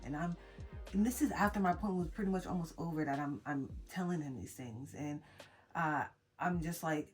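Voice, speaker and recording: A young woman vlogging to camera, telling an emotional personal story in a halting way with many restarts. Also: low voice, faint music behind. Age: young adult. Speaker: mom vlogger.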